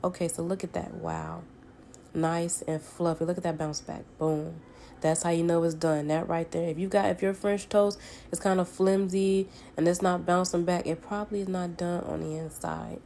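At her own stove, a home cook from the Southern United States talks viewers through breakfast in a casual, loose tutorial chat, folksy and peppered with endearments like honey and baby. Her fairly low voice is gravelly and dark, delivered flatly at a moderate pace, with a faint hum of household ambience behind her.

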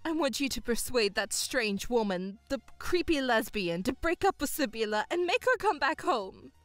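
A woman's voice: a little high, big pitch swings, normal speed, dry recording, faint music behind. A woman voicing a self-pitying, controlling middle-aged mother who whines and stammers in outbursts, in a dramatized story. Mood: indignant.

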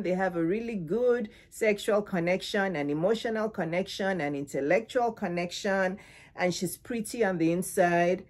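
A woman's voice: medium pitch, a little mellow. A middle-aged woman relationship coach giving frank advice straight to the camera. She laughs often mid-sentence and drives her points home with repeated lists. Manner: repeats and stresses words in lists. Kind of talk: direct-to-camera advice talk.

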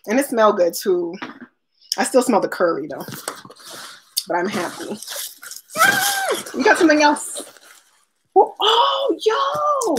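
A fairly high, slightly bright female voice comes through with a little background noise. On her live stream, the unboxing vlogger chats casually while opening products, naming viewers and laughing often.

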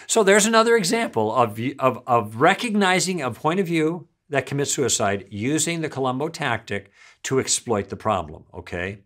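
A man's voice: medium pitch, normal speed. A middle-aged man giving a recorded church teaching, telling stories and acting out both sides of a conversation. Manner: animated storytelling, acting out dialogue.

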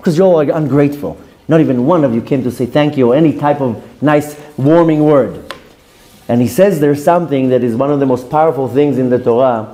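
A rabbi tells a story in a sermon, slipping into the voices of the people in it. His voice sits a little high for a man. The tone is mellow and soft. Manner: acts out quoted dialogue with shifting pitch. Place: women's institute classroom.

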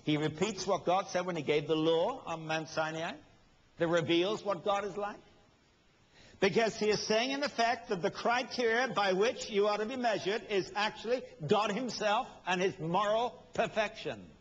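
A man preaches a sermon with emphasis, posing rhetorical questions and acting out quotes with humor. His high voice keeps a moderate pace, in a dull lo-fi recording with long hall reverb.

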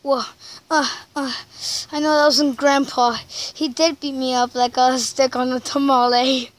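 A woman's voice: high voice, little pitch movement, measured pace. A woman casually playing along in an improvised game role-play, talking playfully and hesitantly. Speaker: game player.

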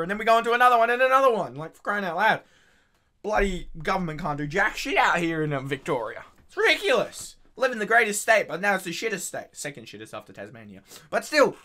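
Aussie host, high bright voice, ranting and swearing in casual reaction talk. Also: male voice. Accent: Australian. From Australia.

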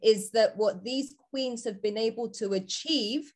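Woman, panel guest, earnest articulate tone, fairly high voice, video call. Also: a little slow. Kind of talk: heartfelt live discussion.

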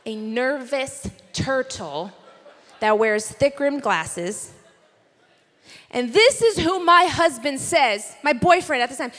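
A young woman with a high voice preaches to a conference crowd, spinning a personal story in a playful, chatty way with quick asides. Her voice rings out through a big hall with a long reverb tail. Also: lively intonation, fairly bright tone. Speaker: conference speaker. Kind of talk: sermon.

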